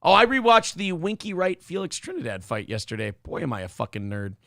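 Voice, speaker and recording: A man's voice: on the high side, sing-song, a little fast, a bit bright, no echo, studio quality. A man co-hosting a casual livestream show, joking crudely and reading viewer comments aloud. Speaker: co-host.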